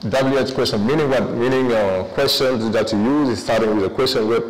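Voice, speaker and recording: A man teaches an English review lesson, stepping through it with many fillers and asides. His voice is mid-pitched. It carries a long echo, with faint ambience behind it. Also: brisk, a little hiss or hum. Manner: switches between English and French, many fillers.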